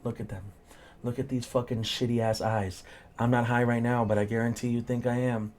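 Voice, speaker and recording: A man's voice: mid-range voice, flat delivery, a little fast, a little mellow. A young man who hosts a podcast and works as a bartender, telling a story in a blunt, ranting way and swearing freely. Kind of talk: casual profane storytelling.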